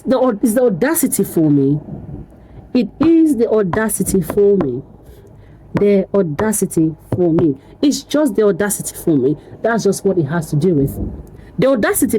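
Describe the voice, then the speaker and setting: Excitable woman vlogger, warm mellow voice. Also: medium pitch, slight background noise, low-quality recording. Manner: animated, repetitive, exclamatory, laughs often. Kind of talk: casual commentary to camera.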